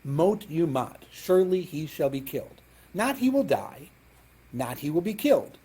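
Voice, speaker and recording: A rabbi leads a Talmud class, explaining each text step by step and checking that his students follow along. His voice is mellow and sits a little high for a man, and he mixes Hebrew and Aramaic terms into his plain talk. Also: animated, normal speed, breathy edge.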